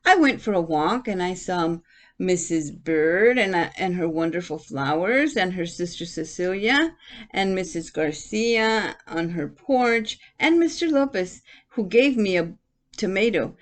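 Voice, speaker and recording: A woman voicing a cheerful elderly grandmother in a picture book read aloud, in a bright and pleased tone. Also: lowish voice, lively intonation, measured pace. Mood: chatty.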